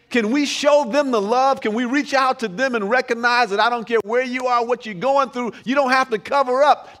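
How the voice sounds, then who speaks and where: A man preaching a humorous, animated sermon in a church, often repeating words as he builds up. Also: high-pitched.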